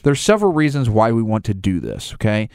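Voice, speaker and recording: A man's voice: on the low side, very animated, brisk, a little mellow, no room sound, clean studio sound. A man who runs a gun store, talking casually in rambling restarts and acting out little scenes with other people's voices. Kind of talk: casual conversation.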